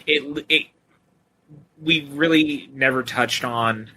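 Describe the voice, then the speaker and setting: A man trades jokes as co-host of a casual film podcast, his tone bright and forward. He swears casually and teases freely, with faint background noise under his voice. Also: mid-range voice, slow. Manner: joking, swears casually, teasing.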